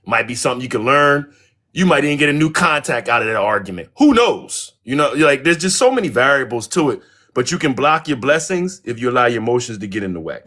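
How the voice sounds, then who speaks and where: A man in a casual group chat, talking in a calm, easygoing, reflective way. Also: medium pitch, fast talker.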